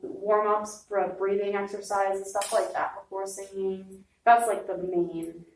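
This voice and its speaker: A woman's voice: medium pitch, fairly even intonation, unhurried, a little hiss or hum. Woman, young adult, encouraging, chatty, distant mic, echoey room. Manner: encouraging, chatty, many "like" fillers. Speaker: singer giving advice. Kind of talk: casual chat.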